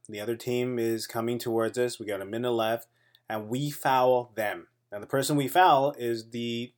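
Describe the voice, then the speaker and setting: A man hosting his own weekly comedy podcast, telling a childhood story in a lively, suspenseful way with self-deprecating jokes. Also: mid-range voice. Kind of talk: casual storytelling monologue.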